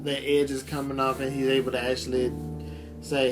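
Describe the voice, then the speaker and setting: A man from the American South co-hosting a podcast, joking around with many fillers and quick laughs. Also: medium pitch, completely flat delivery, music in the background. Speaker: podcast co-host. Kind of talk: casual chat.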